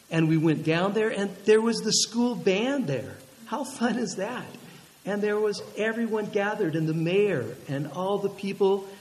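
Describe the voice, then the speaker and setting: A man preaching with a high, bright voice that carries through a large hall with a long reverb tail. He tells lively stories and keeps asking the congregation questions, swinging from quiet asides to excited bursts. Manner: lively, animated storytelling with audience questions. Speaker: pastor. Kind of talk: sermon.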